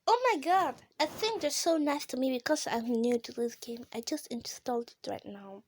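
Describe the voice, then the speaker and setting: A woman with giving casual, excitable commentary while playing a mobile game, gasping and shrieking at close calls. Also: on the high side, moderate pace, a little hiss or hum. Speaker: gamer.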